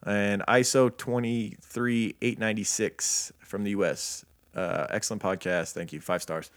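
Casual male podcast co-host, lowish pitch, dry close mic, laid-back. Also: steady tone, unhurried, no room sound. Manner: laid-back, reads listener reviews aloud.

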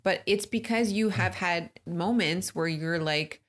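A woman co-hosting a podcast, chatting casually in an animated, teasing way. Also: fairly low pitch, measured pace. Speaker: podcast co-host. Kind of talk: casual chat.

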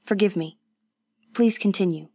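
A woman's voice: mid-range voice, moderate pace, warm tone, husky, no echo, studio quality. A woman voicing a proud, impatient young man in a storybook reading, speaking curtly and earnestly. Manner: curt, earnest, tense.

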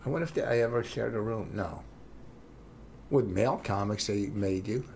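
A man's voice: lowish voice, normal speed, gravelly, darkish tone, slight background noise. A man comedian co-hosting a podcast, chatting casually in a rambling, self-interrupting way. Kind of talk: casual chat.

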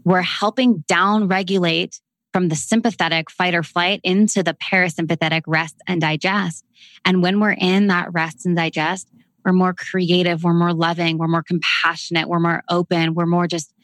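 A woman with a Canadian accent and a fairly low voice leads a breathing practice in a calm, slow, soothing way. The recording is close and dry, with no room sound. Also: dry recording. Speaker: breathwork guide. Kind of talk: casual chat and guided breathing.

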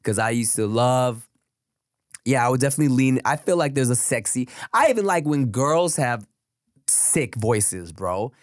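A man in his thirties co-hosting a podcast, his voice deep and husky from a sore throat, talking in laid-back slangy banter with frequent laughs. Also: lively intonation, moderate pace, no echo, studio quality. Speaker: podcast co-host. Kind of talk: casual podcast chat.

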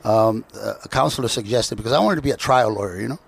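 A man from the United States telling stories about his life in an interview, halting and restarting often, slipping into quick impressions of the people he meets. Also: on the low side, vocal fry, slightly rough. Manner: halting, with frequent restarts and filler words; lively anecdotes with put-on voices for other people. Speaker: guest. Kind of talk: storytelling interview talk.

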